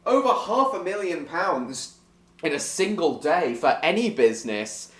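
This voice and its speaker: Slow-talking man streamer, wry asides. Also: on the high side, very animated, a bit bright, echoey room. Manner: wry, repetitive, jokey asides. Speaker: live streamer. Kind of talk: casual commentary over a documentary.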